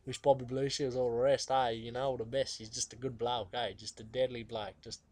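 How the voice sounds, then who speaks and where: A man's voice: mid-range voice, flat delivery, fairly quick, a little mellow, slight background noise, natural voice. A man with an Australian accent playing a cheeky, laid-back guitarist who rambles in slang in a comic interview. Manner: rambling, slangy, full of fillers. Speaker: musician being interviewed. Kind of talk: comedic character interview.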